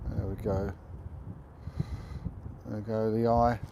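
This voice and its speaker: Amid a noisy background, a middle-aged man livestreams outdoors from a windy rooftop, speaking slowly in a fairly low, level voice. He's casual and chatty, rambling along and giving blunt opinions.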